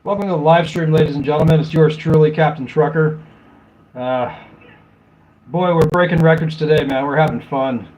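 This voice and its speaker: A man's voice: fairly high pitch, normal speed, a little mellow, low-quality recording. A middle-aged man hosting a live stream, chatting casually, rambling and laughing often as he mocks commenters.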